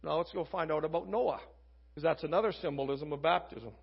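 A man's voice: fairly high pitch, fairly quick, vocal fry, husky, lo-fi sound. A man preaching a casual, conversational sermon, reading scripture and acting out quoted voices.

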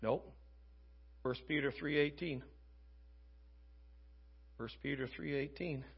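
A man's voice: fairly high pitch, takes it slowly, vocal fry, slightly rough, lo-fi sound. A man preaching a casual, conversational sermon, reading scripture and acting out quoted voices.

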